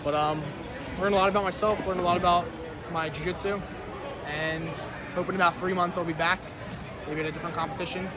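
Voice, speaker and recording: A man's voice: sits high, steady tone, a little fast. A young man talking to camera as a vlogger, drained and tired, rambling with lots of fillers. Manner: rambling, filler-heavy, slangy. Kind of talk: casual talk to camera.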